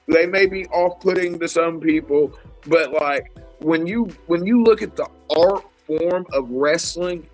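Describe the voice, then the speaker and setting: A man co-hosting a casual wrestling chat show, talking in an animated, profane, rambling way. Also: a little high, rough recording. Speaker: podcast co-host.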